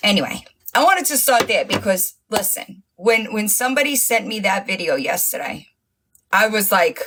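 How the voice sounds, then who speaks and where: A woman's voice: medium pitch, animated, normal speed, background noise. A woman hosting a casual livestream, mocking and profane, laughing often and losing her voice. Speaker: livestream host.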